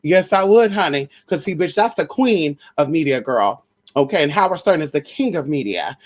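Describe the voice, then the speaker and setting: Animated and speaking at a normal pace, a sassy woman vlogger gossips and swears her way through a brash rant filled with pet names and shout-outs. She periodically mocks people in a shrill, high-pitched voice.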